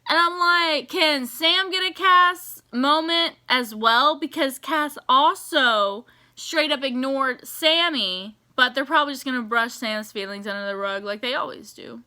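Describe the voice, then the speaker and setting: A woman giving casual, animated reaction commentary on a TV episode, exasperated and swearing as she rants. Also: fairly high pitch. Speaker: TV reaction vlogger.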